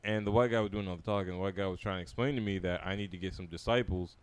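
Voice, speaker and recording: Fast-talking young man telling a story. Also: low-pitched, clean tone, no echo. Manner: fast, animated anecdote telling with quoted dialogue. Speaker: podcast co-host. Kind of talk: casual storytelling among friends.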